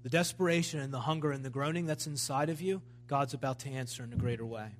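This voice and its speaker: A man's voice: mid-range voice, fast, slight background noise. A man preaching a sermon at a church service, in a fervent, emphatic style that builds in intensity.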